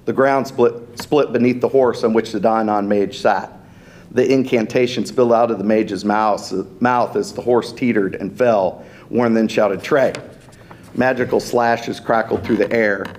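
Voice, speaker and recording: A man's voice: fairly low pitch, steady tone, normal speed, darkish tone. Man reading a fantasy story aloud. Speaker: author reading his story.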